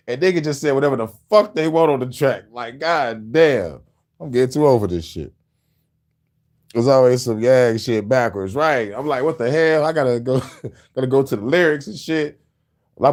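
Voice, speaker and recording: Laughing, profane middle-aged male host. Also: on the high side. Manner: profane, laughing, loose rambling riffs. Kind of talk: casual chat.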